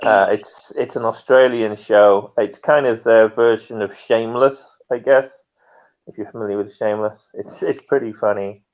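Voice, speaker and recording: A man's voice: lowish voice, steady tone, normal speed, dull audio. A man hosting a live online chat show, talking casually and laughing often.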